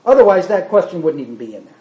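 A man's voice: high-pitched, big pitch swings, racing, dark tone, roomy sound. A man preaching a sermon emphatically, putting rhetorical questions to the congregation. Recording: dull lo-fi sermon recording.

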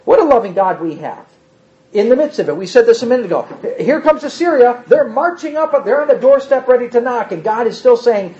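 A man's voice: very high-pitched, animated, moderate pace, warm tone, lo-fi sound. A man teaching an informal Bible class, reading scripture aloud with dramatic emphasis between casual comments.

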